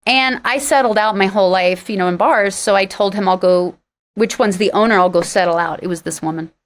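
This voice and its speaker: A middle-aged woman, a singer being interviewed on a podcast, telling stories frankly and emphatically, acting out old conversations with sudden leaps in pitch. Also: fairly quick. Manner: animated, acts out quoted exchanges with sharp jumps in pitch.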